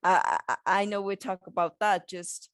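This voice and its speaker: A woman's voice: medium pitch, steady tone, moderate pace, dry recording, studio quality. A woman co-hosting a business podcast in a casual, hesitant way, often trailing into fillers. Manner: hesitant, many fillers and restarts. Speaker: podcast co-host.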